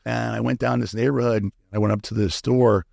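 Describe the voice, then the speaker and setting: A man's voice: medium pitch, level tone, fairly quick, creaky, darkish tone. A man as a podcast interview guest, telling a candid story in a frank, profane way with many fillers and restarts.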